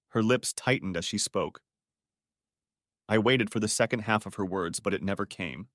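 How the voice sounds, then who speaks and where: A man narrating a first-person drama audiobook in a dramatic, expressive way. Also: fairly low pitch, moderate pace, dry recording, clean studio sound.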